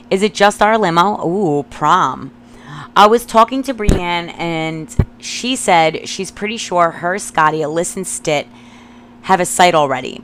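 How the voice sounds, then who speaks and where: Podcast host, woman, thirties, slightly low voice, reads old notes aloud, salty and giggly commentary. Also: fairly bright tone. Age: 30s. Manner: profane, giggly asides.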